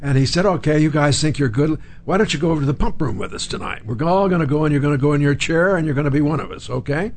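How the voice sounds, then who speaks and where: A man's voice: fairly high pitch, animated, quick pace, few pauses, a little hiss or hum. An older man, an interview guest, telling anecdotes and acting out the voices of the people in them. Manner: acts out quoted voices while telling stories, chuckles. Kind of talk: anecdotal storytelling.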